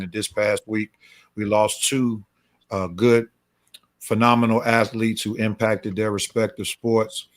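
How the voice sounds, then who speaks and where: A man's voice: lowish voice, dry recording. A man hosting a casual sports talk show, easygoing and passing the turn to co-hosts. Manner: easygoing, turns somber for tributes. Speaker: show host.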